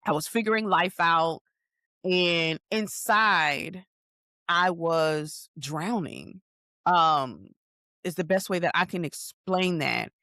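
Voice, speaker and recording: A woman's voice: lowish voice, slow, sharp tone, dry recording, clean studio sound. A woman therapist hosting a podcast, telling a personal story in an earnest, candid way and acting out her own past thoughts.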